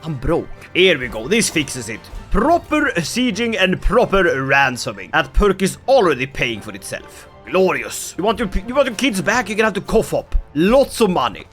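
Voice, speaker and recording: A man giving jokey gameplay commentary, now and then breaking into shouted battle cries and silly voices. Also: high voice, big pitch swings, moderate pace, few pauses, soft background music. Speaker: gaming YouTuber.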